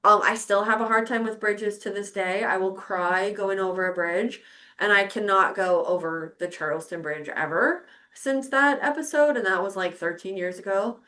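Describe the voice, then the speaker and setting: A woman's voice: mid-range voice, normal speed, bright, forceful tone. A middle-aged woman hosting a podcast, telling a personal story in casual chat, candid and swearing freely as she acts out her own past reactions. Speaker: podcast host.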